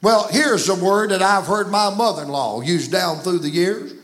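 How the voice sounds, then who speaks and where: A man's voice: sits high, normal speed, a bit bright. A man with a Southern American accent preaching a folksy, emphatic sermon in a church. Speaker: guest preacher. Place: church sanctuary.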